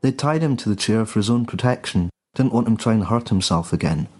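A man reading a dark comic story in a dry, deadpan way. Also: on the low side, fairly quick. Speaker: narrator.

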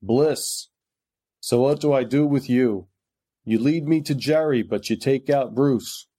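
A cruel crime boss who taunts his victims and threatens them quietly, in no hurry at all, as a man reads him. The voice is mid-pitched and even. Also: unhurried, lightly acted. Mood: mocking.

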